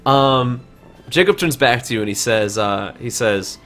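A man's voice: medium pitch, animated, measured pace, a bit bright. Give me a man running a tabletop game on stream, rambling and casual, with faint music behind. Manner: loose, full of fillers like "like" and "um".

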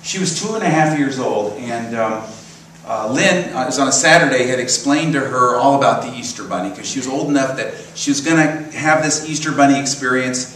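A man's voice: mid-range voice, brisk, a bit bright, a little hiss or hum. Male minister preaching in an echoey church. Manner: conversational storytelling with chuckles. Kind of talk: sermon. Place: church sanctuary. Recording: roomy echo, from far off, faint ambience.

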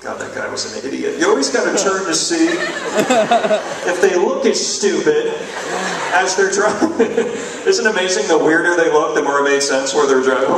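Animated stand-up comic in an echoey hall. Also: male voice, high voice, unhurried, noisy background. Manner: animated, jumps between bits, mock outrage. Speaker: stand-up comedian. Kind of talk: stand-up comedy routine. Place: college auditorium with a balcony. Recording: echoey hall taped from far off, audience laughter. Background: audience laughing.

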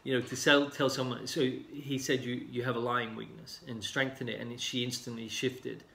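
A man in casual talk, explaining calmly with many fillers and sometimes acting out other people's lines. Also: medium pitch, moderate pace, vocal fry. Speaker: healing coach. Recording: roomy echo.

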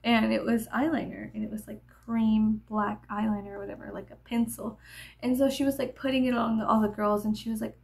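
A woman vlogger telling a meandering story while getting ready, full of fillers and drifting into soft whispers. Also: medium pitch, steady tone, a little fast, creaky. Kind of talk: rambling get-ready-with-me storytelling.

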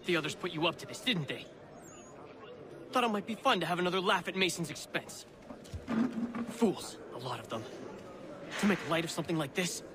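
An actor playing a wry, scheming middle-aged colonial forger locked in prison, in a video game cutscene. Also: male voice, fairly high pitch, animated, brisk, long pauses, noisy background, natural voice. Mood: scornful. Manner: wry, sardonic, lecturing.

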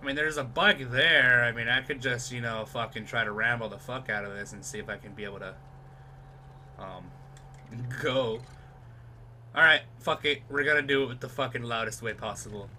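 A young man doing live let's-play commentary on his gameplay, excitable and profane, dropping to a whisper while sneaking. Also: medium pitch, normal speed, a little hiss or hum.

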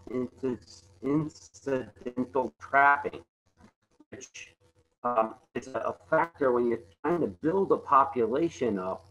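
A man giving a conservation talk over slides, halting often and repeating words with many fillers. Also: medium pitch, a bit bright, highs cut off. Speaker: conservation presenter. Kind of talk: webinar slide presentation.

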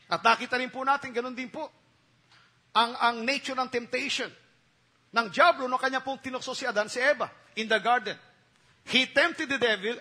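A man's voice: very high voice, pushed and bright. A man preaching a sermon, repeating key phrases and calling on the congregation to respond. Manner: emphatic call-and-response preaching with repetition. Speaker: pastor.

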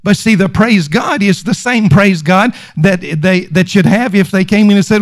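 Man, pastor, high voice, dry close sound, emphatic sermon, repeats phrases for emphasis. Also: moderate pace, few pauses, no room sound. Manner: emphatic, repeats lines for stress; conversational with fillers and restarts.

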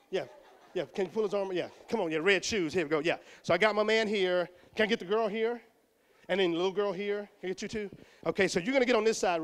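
A middle-aged man from Houston, Texas, speaking in a high voice, gives an energetic motivational speech to students in a school auditorium. He acts out voices and shouts the punchlines, and the hall sounds echoey.

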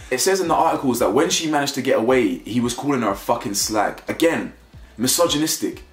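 A man giving casual opinion commentary, animated and rambling, often restarting and repeating himself. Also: mid-range voice, quick pace, echoey room. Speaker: commentary YouTuber.

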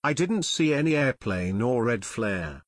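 A man reading the part of a gruff, hard-of-hearing middle-aged man who shouts and sneers. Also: mid-range voice, big pitch swings, a little slow, dry recording, studio quality. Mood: sneering.

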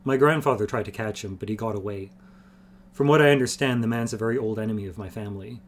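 A man reading aloud and voicing an earnest young man raised on a farm, talking in a flat, matter-of-fact way, a little higher than his own voice. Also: fast talker, slight background noise, close to an everyday voice.

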